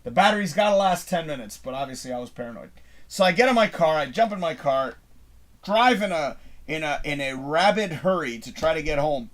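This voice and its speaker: Hosting a live show, a middle-aged man from Canada tells a long, meandering story with casual animation and plenty of swearing. He talks a little fast, in a voice on the high side.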